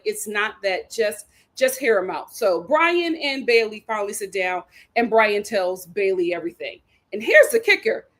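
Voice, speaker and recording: Sassy high-voiced woman recapping reality TV. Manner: animated storytelling with sassy asides. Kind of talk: casual recap commentary.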